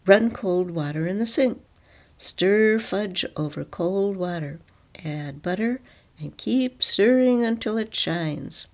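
A woman reading a first-person story aloud in a calm, reflective way. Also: on the low side, vocal fry.

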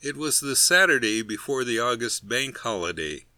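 A man's voice: mid-range voice, animated, moderate pace, sharp tone, no echo. A man reading a humorous story aloud in a dry, wry storytelling manner. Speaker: narrator. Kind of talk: scripted narration.

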